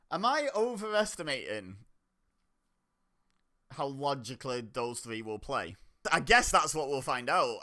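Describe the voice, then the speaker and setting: A man's voice: medium pitch, pushed and bright. A man talking casually as he reacts to a reality show, chatty and exasperated. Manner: chatty, exasperated, laughs often. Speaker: reaction video host.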